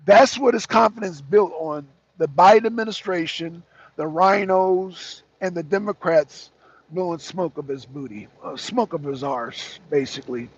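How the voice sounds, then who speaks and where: A man rants through heated political commentary, hammering his points with repetition and mocking asides. His voice sits high and husky. The sound is dull and lo-fi. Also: moderate pace, dry recording. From United States. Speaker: talk show co-host.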